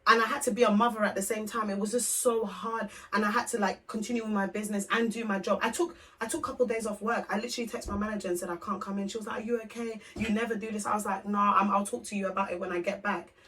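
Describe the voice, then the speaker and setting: A woman's voice: medium pitch, racing, hardly any pauses, a little hiss or hum. Candid young woman telling a story. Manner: candid, animated storytelling, acts out both sides of conversations. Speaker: podcast co-host. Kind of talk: casual chat, storytelling. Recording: voice from a distance off the mic.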